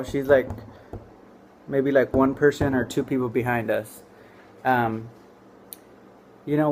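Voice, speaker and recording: A man's voice: mid-range voice, a little mellow, slight background noise. Rambling man telling a comic story. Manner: rambling, full of "like" and "you know". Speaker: comedian storyteller.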